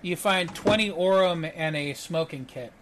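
A man's voice: fairly high pitch, unhurried, fairly bright tone, slight background noise. A man running a tabletop game as game master, narrating with many fillers and restarts.

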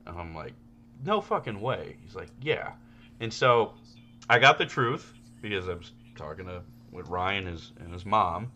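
A man's voice: deep voice, normal speed, pushed and bright, a little hiss or hum. A man co-hosting a podcast, telling rambling, profane stories in casual chat. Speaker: podcast co-host.

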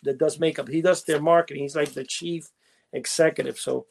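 A man's voice: on the high side, fairly even intonation, fairly quick, creaky. A man co-hosting a casual chat show, rambling through his stories with restarts and laughing at his own jokes. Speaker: podcast co-host.

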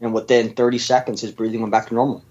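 A man's voice: medium pitch, little pitch movement, fast, a little mellow, dull audio. A man, a former military dog handler, telling his story in an interview in a casual, blunt way with plenty of fillers and the odd swear.

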